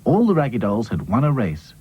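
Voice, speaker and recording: A man narrating a children's cartoon story with gentle, expressive storytelling. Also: mid-range voice, brisk, husky, muffled recording.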